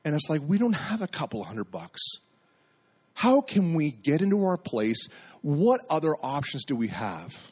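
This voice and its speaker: Animated storytelling pastor, fairly high voice. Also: male voice, moderate pace, slightly rough. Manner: animated storyteller acting out dialogue. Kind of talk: sermon with personal story.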